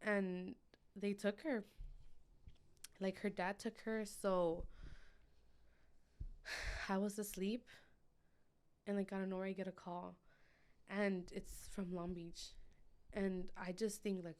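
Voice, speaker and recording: A woman's voice: medium pitch, steady tone, moderate pace, long pauses, darkish tone. A woman as a podcast guest, telling a painful personal story in a casual, emotional way with many fillers. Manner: emotional, filler-heavy retelling.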